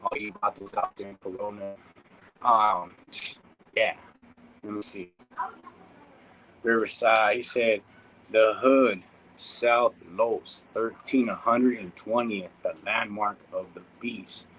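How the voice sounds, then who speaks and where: Low-voiced man vlogging. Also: fairly even intonation, takes it slowly, long pauses, fairly bright tone, slight background noise, low-quality recording. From Inland Empire, California. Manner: slangy, laid-back, calls listeners "dog" and "homie". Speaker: YouTube content creator. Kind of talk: casual vlog talk to viewers.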